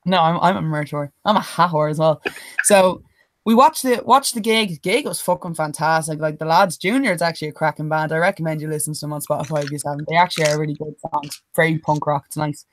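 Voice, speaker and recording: A young Irish woman co-hosting a podcast tells a casual story, her voice low and quick over a noisy background. She's animated, swears freely, and acts out what other people said in quotes.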